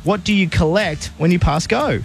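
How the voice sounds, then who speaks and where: Upbeat radio quiz host. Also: male voice, high voice, normal speed, vocal fry, soft background music. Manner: upbeat, encouraging patter.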